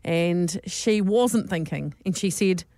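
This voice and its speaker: A woman's voice: lowish voice, slow, warm tone, no echo, clean studio sound. A woman, hosting casual radio chat in a chatty, giggly way with plenty of fillers. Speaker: radio host.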